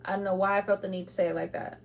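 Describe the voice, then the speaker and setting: A woman giving an intuitive tarot reading to camera, speaking bluntly and with passion, moving between loud urging and quiet asides, with laughs between points. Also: mid-range voice, little pitch movement, very fast, vocal fry, slight background noise. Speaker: tarot reader.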